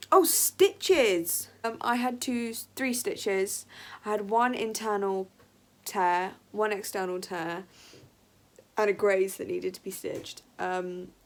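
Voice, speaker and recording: A woman in her late teens, a new mother vlogging from her bedroom at home, tired and short of breath, chatty and apologetic with many ums. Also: medium pitch. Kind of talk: casual vlog chat.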